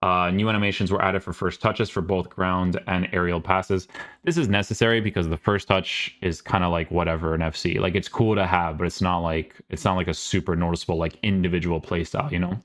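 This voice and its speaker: Male gamer host, deep voice, offhand sarcastic reactions while reading patch notes. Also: fairly even intonation, fairly quick, a bit bright. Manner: casual, sarcastic asides, many fillers. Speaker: gaming YouTuber.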